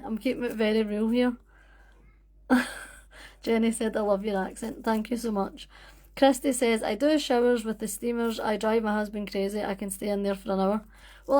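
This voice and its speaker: A woman's voice: mid-range voice, darkish tone. A woman hosting a casual livestream chat from her phone, chatty and apologetic, laughing often. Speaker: livestream host. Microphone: phone on a holder.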